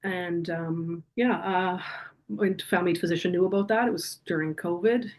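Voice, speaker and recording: Guest, middle-aged woman, lower register, earnest and vivid storyteller. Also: moderate pace. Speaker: podcast guest. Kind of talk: personal storytelling in an interview.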